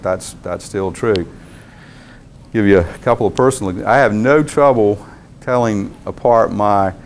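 A man, a university professor, giving a lecture in a measured, thoughtful way with frequent pauses. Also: lowish voice, slight background noise.

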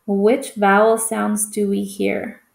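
A woman's voice: mid-range voice, little pitch movement, slow pace, vocal fry, echoey room. A woman teaching a phonics lesson to young children, patient and encouraging, stretching out each vowel sound.

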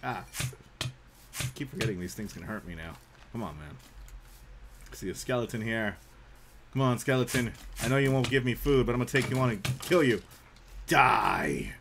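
A young man live-streaming a game, chatting casually, saying "man" often and breaking into loud yelps. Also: mid-range voice, fairly quick, long pauses, slight background noise. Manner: laid-back, says "man" a lot, bursts into loud yelps.

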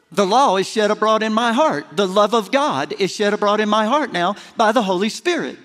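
In a big church sanctuary with long reverb, a middle-aged pastor preaches folksily and self-deprecatingly, rising to emphatic peaks. His high, fairly bright voice is expressive and a little fast, with few pauses.

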